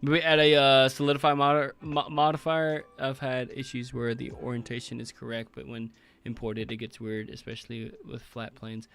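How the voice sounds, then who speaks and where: A man's voice: medium pitch, level tone, normal speed, vocal fry, a bit bright, faint music behind. A man hosting a livestream, casually talking through his work, thinking aloud with fillers and chuckles. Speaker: livestream host building a game world. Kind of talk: casual livestream commentary while working.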